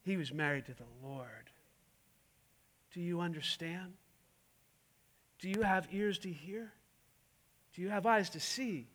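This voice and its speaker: A male pastor preaching a sermon, emphatic, with many rhetorical questions and swings between loud and hushed. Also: high-pitched, a little slow, pauses often.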